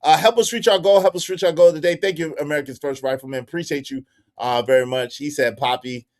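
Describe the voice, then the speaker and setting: A man hosting a casual livestream, talking to his chat in an animated, repetitive way. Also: on the high side, fast talker. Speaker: livestream host.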